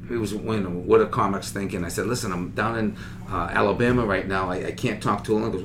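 A middle-aged man from Massachusetts, a comedian guest telling animated anecdotes with acted-out voices on a talk show. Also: on the low side, quick pace, noisy background.

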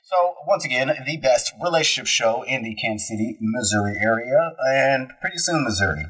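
A man hosting a podcast in casual chat, playful and joking, often jumping up into a high voice for emphasis. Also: lively intonation, brisk, fairly bright tone, slightly rough, far from the mic, low-quality recording. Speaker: podcast host.

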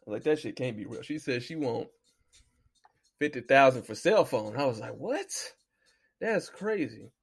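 Man, podcast host, gravelly, mid pitch, loose storyteller, salty language. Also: brisk. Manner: loose, animated storytelling, heavy cursing. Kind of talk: casual profane commentary.

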